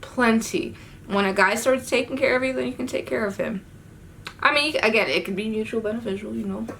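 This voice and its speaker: A young woman telling a story in a casual storytime vlog, animated and slangy, with sudden swearing outbursts. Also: a little high, a little fast, vocal fry, slight background noise. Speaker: vlogger.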